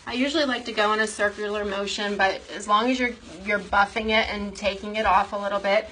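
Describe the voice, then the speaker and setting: A woman's voice: mid-range voice, fairly even intonation, fairly quick, sharp tone, a little hiss or hum, rough recording. A woman chatting casually as she shows furniture refinishing step by step, explaining while she works in a workshop. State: out of breath from buffing. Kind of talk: casual how-to demonstration.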